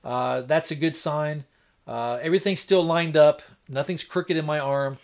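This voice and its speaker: Man, somewhat high voice, folksy and rambling live-stream host. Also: steady tone, moderate pace. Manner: folksy, rambling, acts out doctors in quoted voices. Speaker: homestead livestreamer. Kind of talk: casual live-stream chat.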